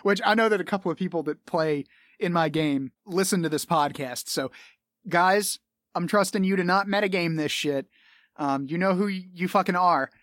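A man's voice: high-pitched, moderate pace, fairly bright tone, no room sound, clean studio sound. A man hosting a podcast, talking casually and rambling, with frequent laughs and casual swearing. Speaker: podcast host.

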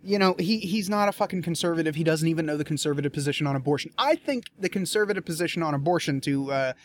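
A man's voice: fairly high pitch, fast talker. A young man with a slightly raised voice rants casually, swearing freely. He talks bluntly and sounds exasperated, stumbling and restarting his sentences as he thinks aloud. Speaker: political commentator. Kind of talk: casual political rant.

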